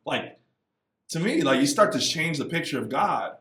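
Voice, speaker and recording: A man, a missionary guest, talking casually in an interview, lively and acting out little quotes as he goes. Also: normal speed, roomy sound, distant mic. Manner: animated, acts out voices and quotes with big pitch jumps.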